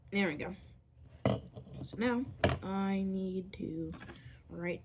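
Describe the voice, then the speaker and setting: A woman's voice: extremely slow, heavy background noise. A woman chatting casually through a drawing tutorial, rambling, playful and often dropping to a whisper as she draws. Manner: playful, makes silly squeaky noises. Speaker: vlogger drawing on camera.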